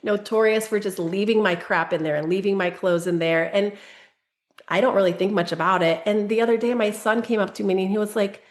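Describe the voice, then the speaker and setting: A woman's voice: mid-range voice, lively intonation, brisk. A middle-aged woman, a parenting coach, telling a candid, self-deprecating personal story in an interview. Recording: echoey room.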